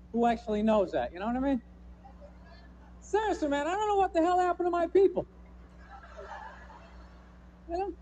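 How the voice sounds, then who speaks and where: Male comic, high voice with a mellow tone, loose rambling stand-up delivery. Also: slight background noise. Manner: loose, rambling delivery full of "you know" and "man". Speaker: stand-up comedian. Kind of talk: stand-up routine.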